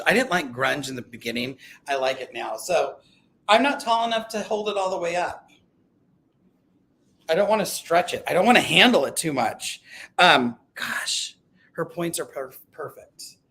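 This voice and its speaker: A man hosting a casual live stream chat, talking in an excitable, rambling way and often breaking off mid-sentence. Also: fairly high pitch, moderate pace, gravelly. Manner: chatty, excitable, self-interrupting. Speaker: livestream host.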